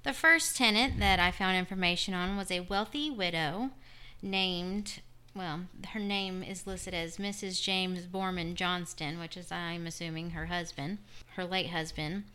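Woman, middle-aged, podcast host, bright clear voice, rambling. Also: fairly low pitch, steady tone, measured pace. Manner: rambling, drifts off topic. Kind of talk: casual podcast chat.

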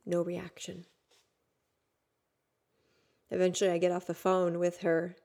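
A woman in her thirties speaks a personal monologue for her podcast. Her voice sits a little low. She tells it in an intimate, unpolished way, full of "like," and drops to a hush before rising loud again. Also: monotone, unhurried. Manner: raw, intimate, with frequent "like" and sudden swings from hushed to loud. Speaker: podcast host.

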